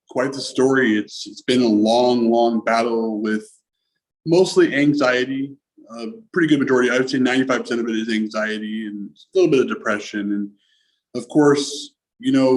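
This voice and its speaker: A man guest on a stream panel, telling a personal story in a halting, emotional way with many restarts. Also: mid-range voice, rough recording.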